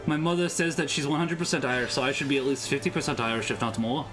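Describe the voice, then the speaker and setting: A man's voice: mid-range voice, fast talker, music in the background. A man co-hosting a casual game stream, chatting and answering viewers' comments. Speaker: streamer co-host. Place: home streaming setup.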